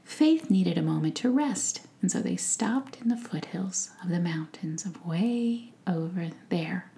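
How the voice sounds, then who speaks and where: A woman narrating a bedtime story in a hushed, soothing whisper. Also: fairly low pitch, expressive, measured pace, creaky.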